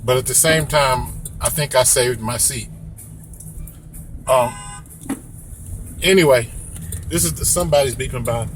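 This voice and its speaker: A young man, a rideshare driver, telling a story to camera in a casual, animated way and mimicking squeaky sounds. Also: measured pace, pauses often, soft background music.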